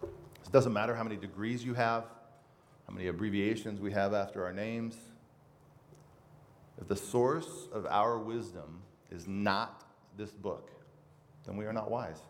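A man's voice: on the low side, measured pace, long pauses. A man preaching a sermon as pastor, earnestly reading scripture aloud with emphasis. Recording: reverberant hall with faint noise.

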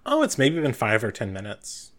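A man's voice: medium pitch, wildly swooping pitch, normal speed. A man narrating scenes in an easygoing way as game master of a tabletop game.

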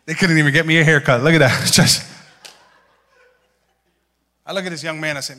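A young man preaching a sermon, telling stories in an animated way and acting out voices. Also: a little high, unhurried, pauses often. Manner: animated storytelling, acts out voices and laughs. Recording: hall reverb.

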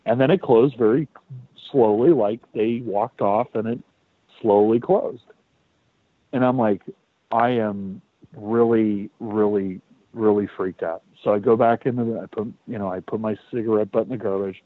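Male podcast host, casual animated storyteller, dry tinny phone-like sound. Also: on the low side, normal speed, no room sound. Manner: animated, repeats words, swears.

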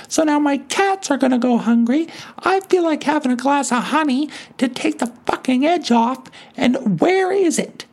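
A man's voice: very high voice, voice pushed up. A man voicing an elderly cat lady who screams and swears furiously. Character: old cat-loving woman turned foul-mouthed rager.

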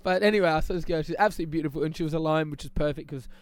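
Man, young adult, chatty podcast co-host, rambling storyteller, higher pitched, smooth dry voice. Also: rapid-fire, no echo. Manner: rambling storytelling with many restarts and laughs. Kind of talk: casual chat.

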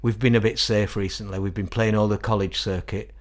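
A middle-aged man with a Northern English accent and a fairly low voice. He tells stories at an easy, animated pace, often slipping into other people's voices to quote them. It is a casual interview. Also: a little fast. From England. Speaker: guest musician.

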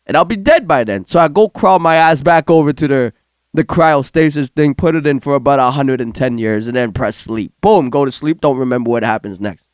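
A man's voice: medium pitch, fairly quick, clear, resonant tone, no room sound, studio quality. A man casually telling a rambling, profane story to a friend and laughing through much of it. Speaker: storyteller recounting a game session. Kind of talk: casual chat.

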